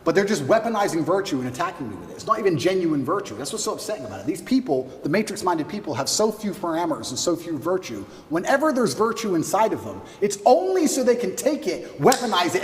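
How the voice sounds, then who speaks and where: A man talks in a high, lively voice, his pitch leaping as he rants emphatically and contemptuously, repeating phrases for force. He sounds set back from the mic in a roomy, echoing space with a long tail. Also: fast talker, hardly any pauses. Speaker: interview guest. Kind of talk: forceful podcast rant.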